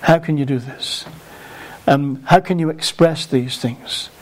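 A man delivering a sermon with a slightly raised pitch. He talks earnestly, repeats words as he goes, and slows right down to lean on key phrases. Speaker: preacher.

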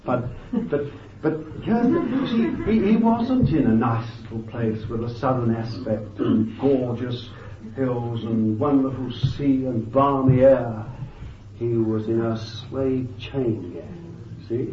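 Guy preaching in a church hall, gets loud then goes quiet, lots of "you see", sounds far off and kind of muffled. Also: medium pitch, lively intonation, takes it slowly, a little hiss or hum. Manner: fervent, swings between loud emphasis and quiet asides; thinks aloud with restarts and "you see". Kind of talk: sermon. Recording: dull, lo-fi, echoey and off-mic.

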